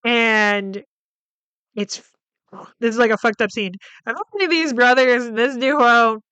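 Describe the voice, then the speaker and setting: A woman's voice: on the high side, a little slow, smooth, no echo, dull audio. A woman hosting a podcast, casually retelling a film's plot with lots of swearing, fillers and quoted lines. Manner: profane, animated retelling with many fillers. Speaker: podcast host. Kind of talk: casual film recap.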